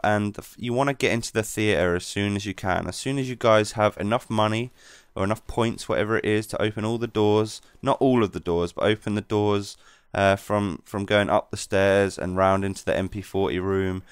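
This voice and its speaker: A man's voice: lowish voice, smooth, dry recording, clean studio sound. Laid-back man explaining a game strategy. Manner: relaxed, rambling explanations. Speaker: gameplay commentator. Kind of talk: casual gameplay commentary.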